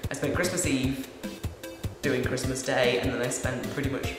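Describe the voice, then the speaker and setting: A man's voice: medium pitch, steady tone, moderate pace. A young man in casual chat, chatty and playfully boastful as a cosplay vlogger. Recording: echoey room with long reverb, music behind.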